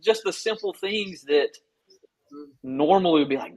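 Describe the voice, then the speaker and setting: Brief: man in his thirties from Georgia, husky and heartfelt, a podcast guest who keeps restarting his thoughts. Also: sits high, expressive, darkish tone, rough recording. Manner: earnest, heartfelt, speaks in halting restarts. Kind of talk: casual conversational interview.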